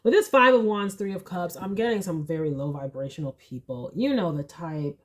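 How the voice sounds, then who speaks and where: Low-voiced chatty woman reading tarot. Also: moderate pace. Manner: chatty, animated, slangy asides and acted-out quotes. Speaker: tarot reader. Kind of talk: casual pick-a-card tarot reading.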